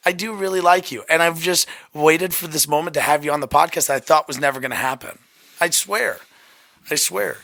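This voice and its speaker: A man's voice: a little high, brisk, creaky, pushed and bright, no room sound. A man hosting a casual podcast chat, rambling with lots of restarts and swearing, his voice worn out. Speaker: podcast host.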